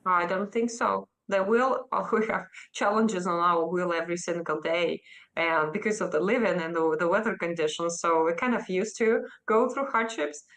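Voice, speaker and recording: A woman's voice: moderate pace, fairly bright tone, low-quality recording. Emphatic Russian-accented woman guest. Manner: emphatic and earnest, with sudden rises in pitch. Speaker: interview guest. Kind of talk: remote news interview.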